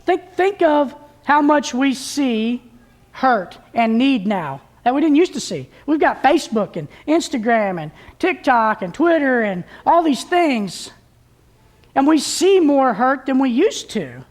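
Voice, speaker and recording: A woman's voice: sits high, sing-song, measured pace, a little mellow. A woman preaching a conversational sermon at a church service, plain-spoken and folksy, often restarting her sentences.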